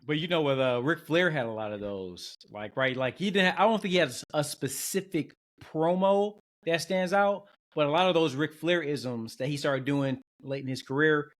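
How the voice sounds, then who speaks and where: Animated man telling wrestling stories. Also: fairly high pitch, normal speed, hardly any pauses. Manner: animated storyteller who jumps into exaggerated quotes. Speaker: podcast co-host. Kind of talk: casual chat.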